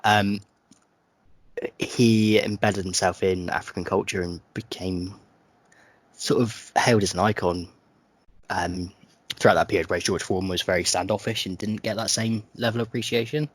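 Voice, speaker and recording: A man's voice: on the low side, fairly even intonation, normal speed, dry recording. A man co-hosting a casual podcast, joking about himself and laughing often. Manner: jokey, self-mocking, laughs often. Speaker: podcast co-host. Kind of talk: casual chat.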